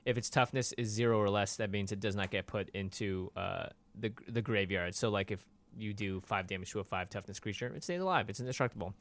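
A man's voice: fairly low pitch, fairly quick, fairly bright tone. A man co-hosting a card game podcast, reading card text aloud and explaining it eagerly, with lots of fillers. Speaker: podcast co-host. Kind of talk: casual chat.

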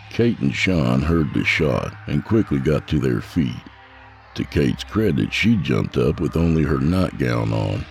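A man narrating a grim first-person horror story in a measured voice. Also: very deep voice, gravelly. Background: soft guitar music.

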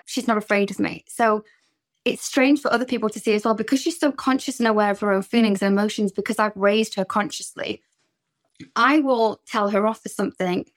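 Candid woman therapist, podcast chat. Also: mid-range voice. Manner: candid, reflective, animated when quoting.

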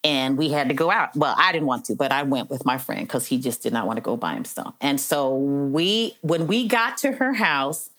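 A woman's voice: very deep voice, expressive, moderate pace, hardly any pauses, a bit bright. A middle-aged woman, a probation officer, telling stories in an interview in an earnest, heartfelt way with many "you know" fillers. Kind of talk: conversational storytelling interview.

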